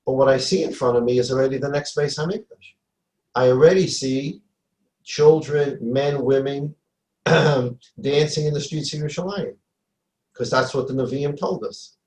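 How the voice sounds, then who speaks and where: A man's voice: mid-range voice, normal speed, a little mellow, echoey room, poor audio. A man giving a Torah class as a rabbi, emphatic, repeating phrases and acting out dialogue. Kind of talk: Torah lecture.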